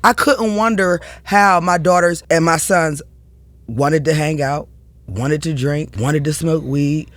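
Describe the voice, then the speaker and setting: A woman's voice: low-pitched, takes it slowly, dry recording. A woman speaking as a podcast guest in an emotional conversation, earnest and heartfelt with casual slang.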